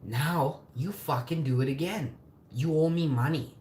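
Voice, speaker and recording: A man's voice: fairly high pitch, unhurried, a little mellow, slight background noise. A man in his forties ranting angrily on a live stream, cursing and bitter. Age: 40s. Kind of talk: angry live-stream rant. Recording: echoey room, faint ambience.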